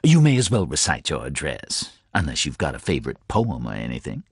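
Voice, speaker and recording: A man voicing a small-town male detective who speaks low, measured and careful. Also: wildly swooping pitch, gravelly, husky, dry recording, studio quality, exaggerated voice. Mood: smooth pretense.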